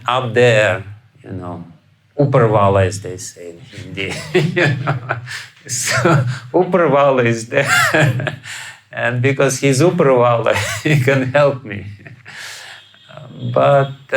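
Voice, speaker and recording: Speaking slowly with long pauses, a man with a Russian accent teaches scripture in a lecture hall, chuckling often and asking rhetorical questions. His medium-pitched, gravelly voice is expressive and bursts out loudly as he acts out quoted speakers. The audio is rough.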